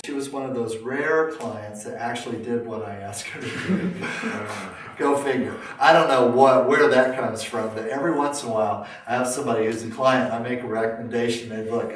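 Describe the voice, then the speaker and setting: A man lecturing to a class, telling a long story in a rambling way, with many fillers and restarts. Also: mid-range voice. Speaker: lecturer and teacher. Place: lecture room. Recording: roomy, distant room mic.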